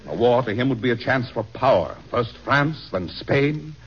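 An actor playing a middle-aged president, weary and full of doubt, with brooding, sighing delivery in 1940s radio style. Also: male voice, medium pitch, lively intonation, normal speed, slightly rough. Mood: troubled. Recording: dull old radio recording.

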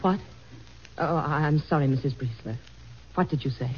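An actress playing an anxious, devoted president's wife who talks earnestly and insists gently, in 1940s radio-acting style. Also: female voice, sits low, normal speed, lightly acted. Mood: composed. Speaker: First Lady. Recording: dull old radio recording with faint hiss.

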